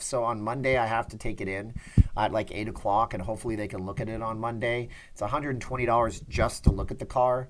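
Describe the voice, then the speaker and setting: A middle-aged man hosting a casual livestream, chatting and reading viewer comments in a rambling, self-mocking way, swinging between loud and soft. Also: mid-range voice, background noise. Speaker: livestream host. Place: Las Vegas.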